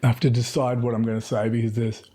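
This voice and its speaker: A middle-aged man with a husky, mellow voice wanders through anecdotes in a relaxed interview. His tone is dark and breathy, and he keeps stopping to restart his sentences. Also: mid-range voice, quick pace. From Tasmania, Australia. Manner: rambling storyteller with many fillers and restarts. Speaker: guest. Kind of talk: casual conversational interview.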